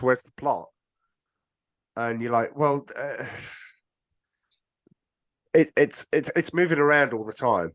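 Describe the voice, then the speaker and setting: A man talking casually about a film on a podcast, rambling with restarts and lively asides. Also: mid-range voice. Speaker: podcast guest.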